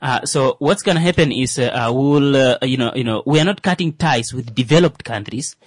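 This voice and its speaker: A man's voice: mid-range voice, fairly quick, no echo. A man in a casual discussion, talking hesitantly with many fillers and restarts.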